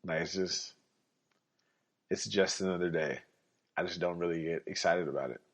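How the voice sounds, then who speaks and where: A man's voice: low-pitched, moderate pace. A young adult man hosting a podcast, talking in a casual monologue. He is blunt, sarcastic and swears freely. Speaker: podcast host. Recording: dull lo-fi recording.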